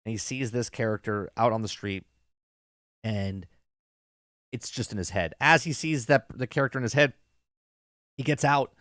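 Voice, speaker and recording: A man's voice: medium pitch, normal speed, pauses often, a bit bright, no room sound, clean studio sound. A man in his thirties casually retelling a TV episode, rambling with lots of fillers. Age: 30s. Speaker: show reviewer.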